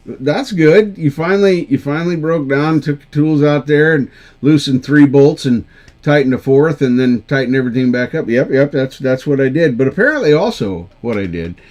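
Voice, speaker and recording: A man's voice: medium pitch, a little mellow. A man hosting a live karaoke stream, chatting casually with viewers in a rambling, self-deprecating way. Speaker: livestream karaoke show host.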